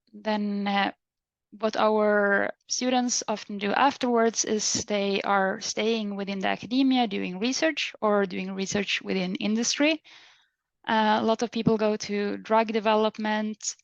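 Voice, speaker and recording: A woman with a gravelly edge to her voice presents programme options in an online webinar. She speaks steadily and informatively. The sound is dry, with no room echo. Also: medium pitch.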